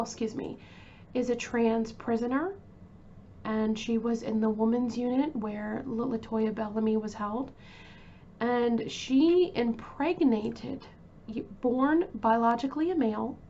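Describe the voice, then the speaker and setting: A woman's voice: on the high side, mellow, dull audio, a little hiss or hum. A woman hosting a true crime channel, talking casually and emotionally about a case, with many fillers and restarts.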